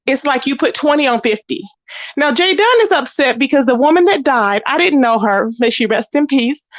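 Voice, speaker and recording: Woman, high-pitched, sassy gossip livestream host, animated. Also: no echo, rough recording. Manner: animated, sassy, greets viewers by name.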